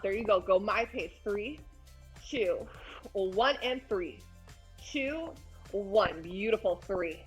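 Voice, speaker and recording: A woman's voice: medium pitch, lively intonation, takes it slowly, faint music behind. A young woman, a personal trainer, guiding a postpartum core workout and cueing breaths while she does the moves herself, her voice a little strained from the effort. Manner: encouraging, cues breathing while exercising. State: slightly strained from exercising.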